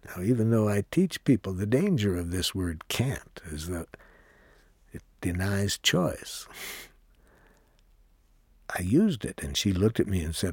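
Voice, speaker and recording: Slow, husky male storyteller. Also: deep voice, expressive, dry recording. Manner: slow, reflective, acts out quoted dialogue. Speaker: workshop leader. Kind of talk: personal storytelling between songs.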